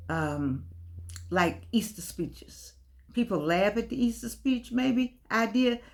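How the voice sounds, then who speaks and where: Older woman, home vlog, rambling and repeating herself, affectionate "baby" asides, mid pitch. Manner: chatty, repeats phrases, calls listeners "baby". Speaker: vlogger. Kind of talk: casual talk to camera.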